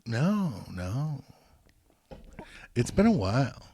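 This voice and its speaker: A man co-hosting a podcast, chatting casually in a rambling, halting, profane way. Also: medium pitch, big pitch swings, mellow, no room sound, clean studio sound. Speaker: podcast co-host. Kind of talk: casual chat.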